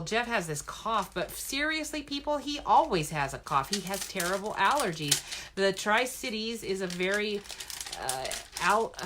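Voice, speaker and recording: A woman's voice: fairly low pitch, noisy background. A middle-aged woman chatting casually as she makes a greeting card, rambling and talking to herself as she works. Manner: chatty, rambling, self-talk while working. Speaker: card-making crafter. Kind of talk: casual crafting demo chat. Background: paper crinkling and stamp clicks.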